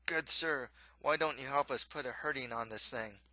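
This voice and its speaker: A man voicing a brawling monster hunter, rough and blunt, bright edgy tone. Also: medium pitch, moderate pace, no echo.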